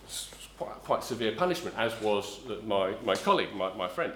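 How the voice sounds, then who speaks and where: A middle-aged preacher from south-east London tells a meandering personal story in his sermon, full of ums and false starts as he corrects himself. His voice is lowish, very animated, fairly quick and a bit bright. The room is roomy with slight background noise.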